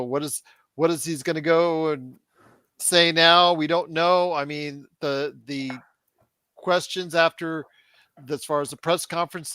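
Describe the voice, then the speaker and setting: Jokey, teasing sports podcast host. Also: male voice, a little high, sharp tone, clean tone, no echo. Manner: jokey, teasing, repeats gags. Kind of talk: casual sports talk.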